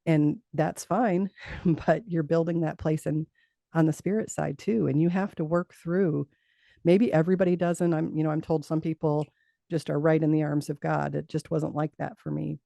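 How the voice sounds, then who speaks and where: Middle-aged woman, interview guest, earnest storyteller, gravelly voice, dry close recording. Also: sits low, steady tone, normal speed, mellow, dry recording. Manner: earnest, laughs often, repeats words as she talks.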